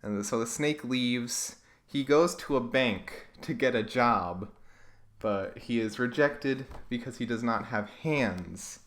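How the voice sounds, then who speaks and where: Reading his own childhood comics on YouTube, this man mocks them with dry, sarcastic humor. He speaks slowly in a mid-range voice with a fairly bright tone.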